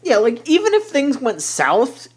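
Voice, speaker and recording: A man's voice: very high voice, wildly swooping pitch, unhurried, husky. A man hosting a podcast, chatting casually with lots of fillers and restarts as he reads out listener questions. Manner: rambling, many fillers and restarts, swears casually. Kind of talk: casual chat.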